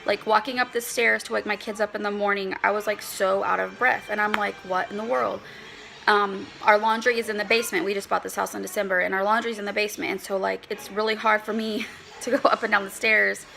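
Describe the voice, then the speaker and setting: A woman's voice: mid-range voice, flat delivery, fast, vocal fry, pushed and bright, low-quality recording. A woman in her thirties chatting casually to camera in a rambling way, full of fillers, slightly out of breath. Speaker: vlogger, mother of a large family.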